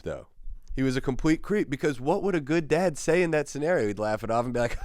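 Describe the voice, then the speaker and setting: A man's voice: medium pitch, very animated, fast talker, darkish tone, no room sound, studio quality. A man hosting his own show, telling a rambling, self-mocking story that gets him worked up. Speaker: podcast host. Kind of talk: casual storytelling monologue.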